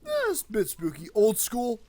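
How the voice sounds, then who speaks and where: A young man streams a game and chats casually with a friend, rambling, excitable, and swearing freely. His voice is high-pitched at a normal speed, with no echo.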